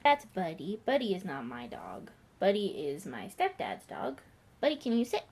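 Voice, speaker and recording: A woman's voice: mid-range voice, huge pitch swings, moderate pace, creaky, a little mellow, husky. A young woman vlogging as she trains her dog, chatting and praising the dog in a bubbly, coaxing voice. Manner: bubbly baby-talk praise to dogs. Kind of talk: casual dog training vlog.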